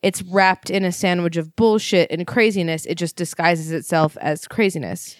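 A woman's voice: lowish voice, normal speed, no echo. A woman co-hosting a podcast, reacting bluntly and crudely in casual chat. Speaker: podcast co-host.

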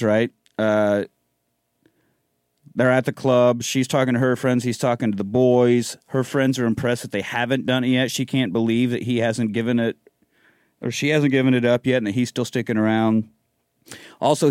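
A man in casual chat, retelling a movie plot with plenty of swearing and quick acted-out lines. His voice sits at an ordinary middle pitch, and the sound is dry and close. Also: clean tone, no echo. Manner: profane, animated, acts out characters' lines. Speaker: podcast host.

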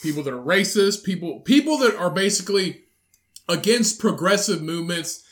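Bright high-voiced young man, sweary podcast chat. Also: lively intonation, moderate pace. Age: young adult. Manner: swears a lot, stumbling restarts, laughs hard. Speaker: podcast co-host. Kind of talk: casual chat.

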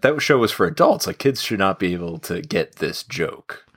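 A man's voice: low voice, very animated, moderate pace, a bit bright, husky. A man co-hosting a podcast in casual chat, sarcastic and rambling. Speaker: podcast co-host.

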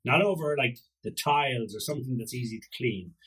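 A man's voice: mid-range voice, a little fast, fairly bright tone, husky, low-quality recording. A man with an Irish accent hosting a podcast, rambling through joking stories about his dog, swearing and acting out little voices. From Ireland. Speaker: podcast host. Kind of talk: casual solo podcast monologue.

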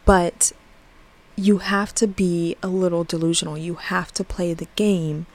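This is a young woman with a slightly low voice, hosting a podcast in a loose, chatty way. Her talk is full of "like" and "um", and she laughs lightly and swears now and then. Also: fairly even intonation, measured pace. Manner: casual, with occasional swearing. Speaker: podcast host. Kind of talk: casual podcast chat.

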